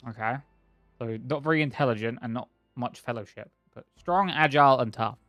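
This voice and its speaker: A man's voice: mid-range voice, unhurried, long pauses, fairly bright tone, clear, resonant tone, faint music behind. A man streaming a video game, thinking aloud and reacting casually, sometimes swearing or reading in-game text. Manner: chatty, profane, thinks aloud. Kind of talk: casual gameplay commentary.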